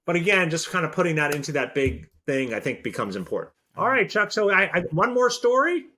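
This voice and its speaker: A man co-hosting a casual podcast who sounds upbeat as he wraps up with advice. His voice sits high for a man and has a bright, sharp edge. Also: big pitch swings, a little fast. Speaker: podcast co-host.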